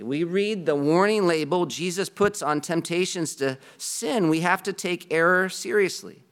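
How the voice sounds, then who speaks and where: Speaking to his congregation, this pastor delivers a sermon in an earnest, conversational manner, including a self-deprecating aside. He has a smooth voice that is a little high and a bit bright.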